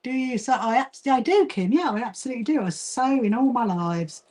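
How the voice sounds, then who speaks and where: A woman from Brighton, England, with a southern English accent, chatting casually on a livestream while she sews and greets viewers by name. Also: a little high, animated, fairly quick. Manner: chatty, reads and greets viewer comments, frequent fillers and laughs. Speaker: livestream host, quilting association founder.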